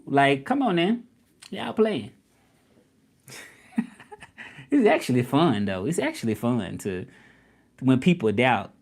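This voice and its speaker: Animated young man with a Memphis drawl. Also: medium pitch, slow, pauses often, slightly rough. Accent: Southern US (Memphis). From Memphis, Tennessee, US. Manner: animated, indignant at doubters, drawling. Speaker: livestream host. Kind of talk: casual livestream chat reading comments.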